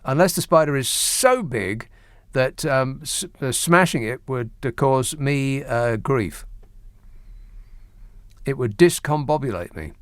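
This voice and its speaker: A man's voice: mid-range voice, lively intonation, takes it slowly, no room sound. A middle-aged man hosting a late-night radio phone-in, reading listener emails and going off on wry, mock-indignant rants full of hesitant restarts. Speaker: radio talk show host. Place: radio studio. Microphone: studio microphone.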